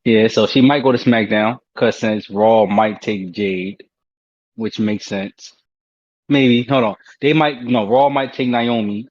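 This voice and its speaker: Blunt, slangy man with a low voice. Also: takes it slowly, a little mellow, no room sound, muffled recording. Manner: blunt slangy banter, repeats himself. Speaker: podcast co-host. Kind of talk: casual chat.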